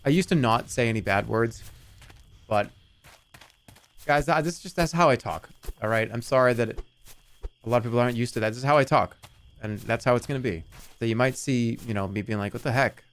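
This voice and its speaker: A man's voice: medium pitch, fairly quick, long pauses, a bit bright. A middle-aged man streaming a game, joking and swearing casually as he plays. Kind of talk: casual gameplay commentary.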